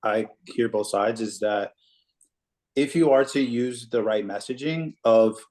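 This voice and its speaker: A man's voice: fairly low pitch, a little slow, a little mellow. Hesitant man giving casual advice. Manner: hesitant, restarts while offering advice. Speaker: business coach for entrepreneurs. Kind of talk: casual chat on a coaching call.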